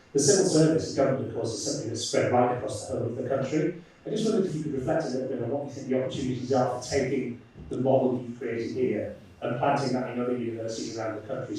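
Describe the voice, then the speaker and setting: Audience guy asking a question, polite and a bit halting, quick and mellow, boomy hall. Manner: polite, hesitant, repeats words. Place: lecture hall. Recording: echoey hall, distant mic.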